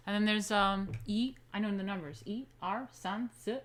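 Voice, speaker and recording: A woman's voice: mid-range voice, steady tone, normal speed, crowd noise. A woman in her thirties hosting a casual livestream chat, teasing and correcting a child in a motherly way. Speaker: livestream host.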